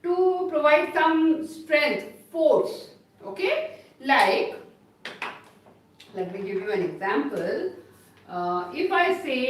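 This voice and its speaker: A woman teaches grammar in a live online class, her voice high and swinging up and down through the sentences. She goes slowly and repeats her examples, filling pauses with "uh" and "like." She is heard from a distance in a very echoey room. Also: big pitch swings. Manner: explains slowly with repeated examples and many fillers.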